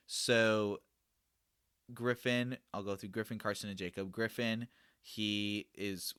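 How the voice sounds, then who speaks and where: A man's voice: fairly low pitch, fairly bright tone, no room sound, studio quality. A young man hosting a casual Q&A podcast, talking earnestly and rambling with frequent self-corrections about mentoring students. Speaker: podcast host and youth discipler.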